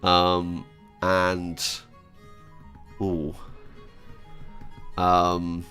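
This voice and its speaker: A young man chatting casually and excitedly as a streamer, joking and giggling between wishes. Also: sits low, extremely slow, faint music behind. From Britain. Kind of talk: casual gaming chat.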